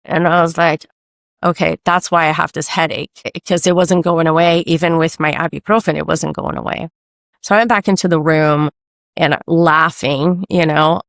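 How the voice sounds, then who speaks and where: A woman in her forties from Brazil, telling her story in a casual interview in an animated way, with many restarts and acted-out quotes. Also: lowish voice, unhurried, no echo, studio quality. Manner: animated, restarts often, acts out quoted voices. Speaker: guest, medical sales rep and mother.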